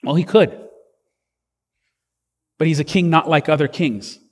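A man's voice: fairly high pitch, a little slow, big-room sound. A man preaching a sermon as pastor, earnest and conversational, with fillers and restarts.

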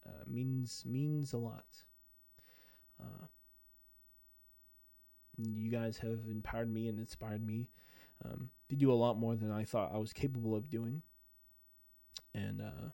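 A man in a casual podcast chat, speaking at a mid-range pitch with a hesitant, halting delivery full of pauses. His tone stays sincere and heartfelt. The sound is dry and close, with no room echo. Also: a little mellow. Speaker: streamer and podcast host. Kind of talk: casual reflective podcast talk.

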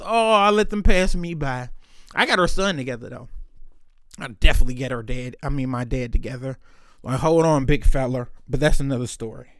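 A man with a higher-than-usual voice tells stories in a loose, candid, heavily profane monologue. He is recorded close and dry, with no room sound around him. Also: normal speed, fairly bright tone, clear, resonant tone, no room sound. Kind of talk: casual storytelling monologue.

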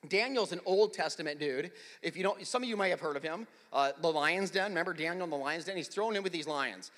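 Bright-voiced preacher in a reverberant hall. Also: male voice, fairly high pitch, fast talker. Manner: conversational storytelling, swells to forceful emphasis. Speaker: pastor. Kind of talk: sermon. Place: large church.

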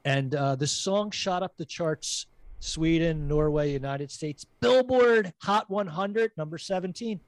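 A man's voice: fairly high pitch, unhurried, no echo. A man hosting a casual podcast chat, joking and teasing his guests while sharing movie music trivia. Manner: jokey, teasing, trivia-loving. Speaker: podcast host.

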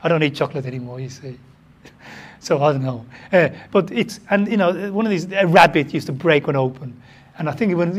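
This sermon is delivered by a UK pastor whose excitable, animated style features abrupt leaps in both volume and pitch.

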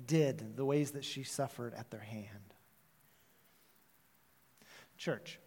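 High-voiced pastor in a reverberant hall. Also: male voice, darkish tone. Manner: storytelling, conversational with quick asides. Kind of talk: sermon.

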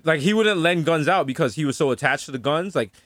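A man's voice: fast, noisy background. A man, a podcast co-host telling casual stories with lots of quoted voices. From New York. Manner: animated, swings into high voices when quoting people. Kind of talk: casual storytelling chat.

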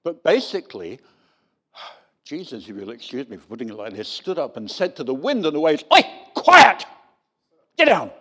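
A man's voice: medium pitch, fairly quick, slightly rough. A man preaching a sermon, telling stories with wry humour. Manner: lively storytelling with wry humour.

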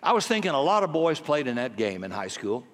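Animated older preacher in a reverberant hall. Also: male voice, medium pitch, fairly quick. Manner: animated, swings from hushed to emphatic. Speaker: pastor. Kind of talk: storytelling sermon.

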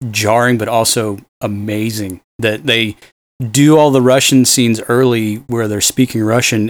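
A man's voice: mid-range voice, dry recording. Man casually chatting about movies. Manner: enthusiastic, rambling with fillers. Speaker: podcast co-host.

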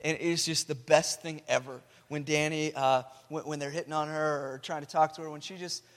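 Male pastor, a bit high-voiced, chatty sermon delivery, long church-hall reverb. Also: fairly even intonation, brisk, fairly bright tone. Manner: conversational, repeats words when restarting.

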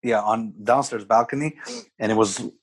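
A man co-hosting a casual podcast chat, animated, often repeating words and acting out what family members say. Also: fairly low pitch, normal speed, slightly rough. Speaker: podcast co-host.

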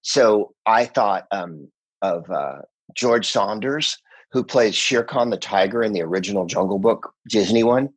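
Husky-voiced man telling lively anecdotes. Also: on the low side, unhurried. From United States. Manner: animated storyteller, slips into impressions. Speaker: guest voice actor.

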